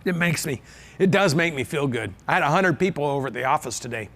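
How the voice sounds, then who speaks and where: A man with a voice a bit higher than most men's delivers a motivational talk to a live audience. He hammers his points with repetition and sounds earnest and sincere. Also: lively intonation, quick pace, fairly bright tone. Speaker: business speaker. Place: event stage with live audience.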